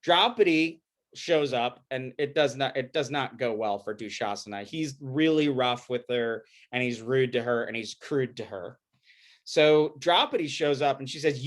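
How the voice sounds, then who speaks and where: A man's voice: mid-range voice, lively intonation, moderate pace. A man giving a recorded lecture, telling a story with animation and acting out the quoted lines.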